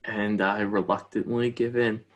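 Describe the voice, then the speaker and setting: A man's voice: on the low side, steady tone, unhurried. A man with a New York accent, a player in a tabletop game, speaking hesitantly. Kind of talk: tabletop role-play chat.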